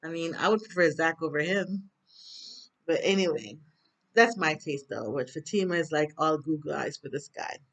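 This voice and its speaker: A woman's voice: low-pitched, moderate pace, a bit bright. A woman with a Jamaican accent chatting through a TV episode recap, rambling with lots of fillers. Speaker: TV recap vlogger.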